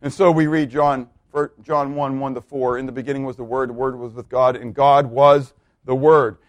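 A man's voice: medium pitch, moderate pace, dry recording. A man preaching a sermon, teaching from the Bible and asking questions that he answers himself. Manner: animated, asks questions and answers them.

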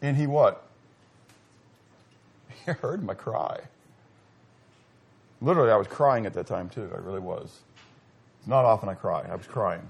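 A middle-aged man preaching a sermon, swinging between loud exclamations and quiet asides and putting questions to his listeners. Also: lowish voice, expressive, normal speed, creaky, pauses often, husky. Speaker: pastor.

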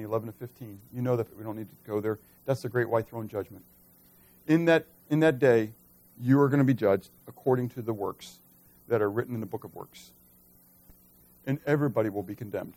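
A middle-aged man preaching a sermon, who swings from loud, emphatic stretches to soft, quiet asides and keeps asking the congregation questions. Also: medium pitch, a little fast. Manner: conversational, asks the congregation questions. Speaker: pastor.

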